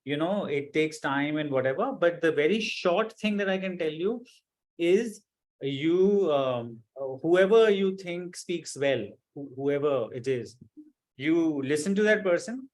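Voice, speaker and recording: A man, his voice sitting a little high, gives advice during a live online class. He talks earnestly and reassuringly, with many fillers and small restarts. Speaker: course instructor.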